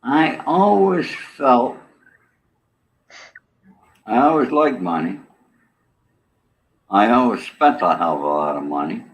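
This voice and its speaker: Speaking slowly in a creaky mid-range voice with long pauses, this older interview guest from New York recounts a story over casual chat. He's animated and acts out what each character said, captured on dull lo-fi audio.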